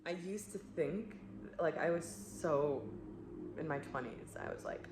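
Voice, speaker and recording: A woman spiritual coach speaking in an earnest, searching way, full of "like" and soft laughs, in a reflective monologue. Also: sits low, animated, normal speed. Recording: echoey room with clear background noise.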